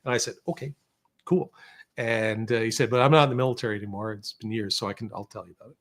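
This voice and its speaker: A man's voice: fairly low pitch, steady tone, rapid-fire, fairly bright tone. A man talking in a studio as a podcast guest. He tells long, winding stories, often stopping to restart a sentence and acting out what other people said. The delivery is loose and conversational. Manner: rambling anecdotes with restarts and quoted dialogue. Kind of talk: casual storytelling chat.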